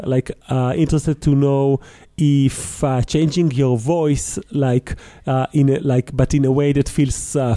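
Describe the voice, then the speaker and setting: A man's voice: medium pitch, warm tone. A man hosting a course Q&A and reading out audience questions, speaking hesitantly with many fillers.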